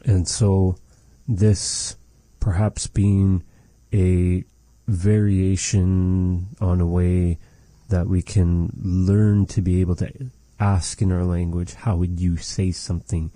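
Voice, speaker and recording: A man's voice: deep voice, little pitch movement, warm tone, no echo. A man teaching phrases of a language in a patient, repetitive lesson. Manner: slow, patient, repeats phrases for practice.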